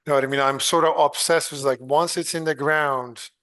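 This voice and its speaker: Man, podcast guest, casual talk, halting with fillers, easy chuckles. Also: on the high side, steady tone, fairly bright tone. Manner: hesitant, many fillers and restarts. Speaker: podcast guest, clean energy engineer.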